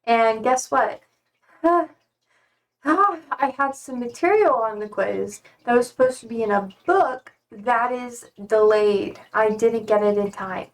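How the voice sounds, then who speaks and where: A young woman with a slightly high voice rambles through a casual live-stream chat, fighting back tears as she talks. She sits a little back from the microphone, so her voice comes across with some distance. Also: slow pace. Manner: rambling, emotional, close to tears. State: tearful, trying not to cry. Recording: speaking from a distance to the mic.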